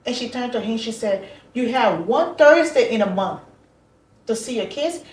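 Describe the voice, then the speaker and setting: A woman telling a personal story as an interview guest, animated and acting out the voices she quotes. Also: fairly high pitch, moderate pace. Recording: echoey room, far from mic.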